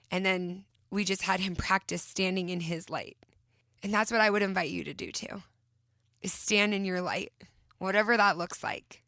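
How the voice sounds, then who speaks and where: A woman in her thirties hosting a self-help podcast, talking gently and encouragingly as she guides listeners through a visualization. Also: mid-range voice, no echo, clean studio sound. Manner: gentle, encouraging, slowing into soft whispered visualizations. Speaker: podcast host.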